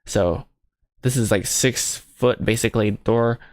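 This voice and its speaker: A man's voice: mid-range voice, a little slow, no echo. A man talking casually while he works at a computer, rambling and joking at his own expense. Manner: rambling, self-mocking, jokey asides to himself. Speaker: animator streaming his film work. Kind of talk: casual thinking-aloud commentary while modeling.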